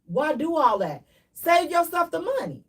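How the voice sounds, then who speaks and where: High-voiced woman hosting live radio, preachy and loud at times, unhurried, kinda far off the mic. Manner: animated, preachy, repeats herself, sometimes shouting. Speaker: radio show host. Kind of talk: live call-in radio talk.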